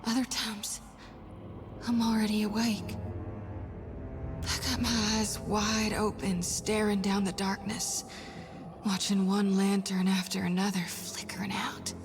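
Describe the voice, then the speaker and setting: A woman's voice: mid-range voice, level tone, measured pace, long pauses, close to an everyday voice. A woman voicing a haunted, whispering seer. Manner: hushed, often half-whispered, foreboding. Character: haunted woman tormented by visions of death. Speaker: game character. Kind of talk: voiced video game dialogue. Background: game music.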